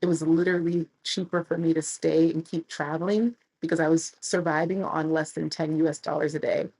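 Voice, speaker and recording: A woman in her thirties, a travel creator telling stories casually and animatedly, with a husky voice. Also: deep voice, a little fast, poor audio. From United States. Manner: animated, chatty storyteller who laughs and acts out quotes. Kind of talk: casual storytelling to camera.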